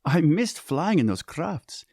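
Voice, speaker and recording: A man voicing an earnest, determined young woman diplomat with gentle, curious questions in a story reading. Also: on the high side, big pitch swings, slow, slightly rough, no echo, clean studio sound, voice pushed up, heavily acted.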